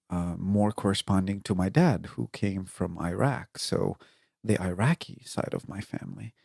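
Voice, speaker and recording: A man hosting a podcast, from Israel, telling a personal story in an unhurried, explaining way with frequent fillers and asides. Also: fairly low pitch, vocal fry, a little mellow, no room sound, studio quality. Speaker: podcast host.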